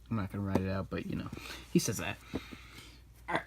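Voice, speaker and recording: A man casually recapping an animated film while he draws, rambling and correcting himself as he goes. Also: lowish voice, fairly quick, long pauses, noisy background. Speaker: drawing video maker.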